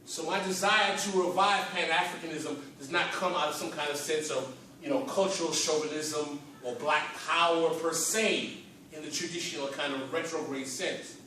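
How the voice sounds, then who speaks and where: A man's voice: fairly high pitch, steady tone, normal speed, bright, forceful tone, slight background noise. A man speaking on a conference panel, with fervent, preacher-like rhetorical questions and a rising and falling emphasis. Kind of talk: impassioned panel speech. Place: conference hall in a library. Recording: echoey hall from far off.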